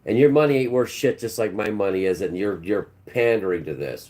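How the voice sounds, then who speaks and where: Man, low-pitched, warm dark tone, combative, preachy, livestream monologue. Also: animated, normal speed. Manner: preachy and combative, talks back to chat. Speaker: livestream host.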